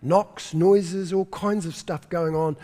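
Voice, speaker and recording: A man's voice: sits high, steady tone, slow, mellow. Man preaching in a reverberant hall. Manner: storytelling preacher, emphatic, repeats words when searching. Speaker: pastor. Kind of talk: sermon.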